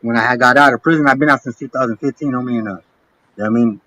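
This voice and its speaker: A man's voice: medium pitch, rapid-fire, bright, forceful tone, low-quality recording. A man in his late thirties calling into a livestream, chatting casually in street slang and calling people "homie". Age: 30s. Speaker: livestream caller.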